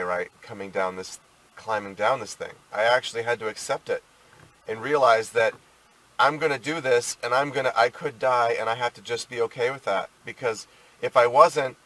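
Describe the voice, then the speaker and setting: A man telling a personal story to camera in a casual, rambling way, with lots of fillers and restarts. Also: fairly low pitch. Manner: rambling, animated retelling with many fillers and restarts. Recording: voice sounding a bit far from the mic.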